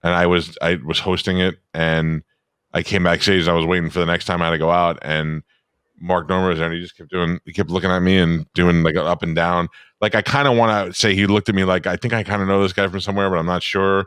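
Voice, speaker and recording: A man's voice: low voice, fairly even intonation, quick pace, a bit bright, smooth, dry recording, clean studio sound. A man co-hosting a podcast in casual chat, telling stories bluntly and swearing freely. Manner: blunt, profane, storytelling. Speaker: podcast co-host.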